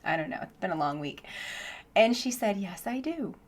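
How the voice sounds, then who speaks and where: A woman teaching English online, chatting casually in a vlog with lots of "like" and easy laughter, speaking into a boom headset mic from her home office. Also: lively intonation, moderate pace. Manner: chatty, says "like" often, laughs easily.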